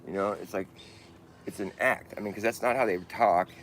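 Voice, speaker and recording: Deep, gravelly man rambling casually. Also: a little fast, fairly bright tone, slight background noise. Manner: rambling, self-correcting, laughs at himself.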